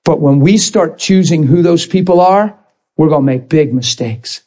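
A man's voice: on the high side, normal speed, dark tone. A man preaching a sermon, impassioned and rising to emphatic bursts.

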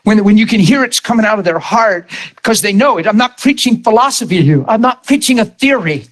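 A man preaching a sermon, telling his own story, dropping to a hush and then raising his voice to drive a point home. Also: sits high, lively intonation, brisk. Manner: testimony swinging from hushed to raised voice.

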